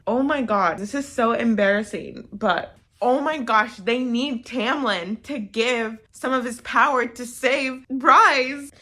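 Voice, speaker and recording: A woman's voice: a little high, pushed and bright. A woman talking casually in a reading vlog, chatty and emotional with dramatic reactions. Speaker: book vlogger.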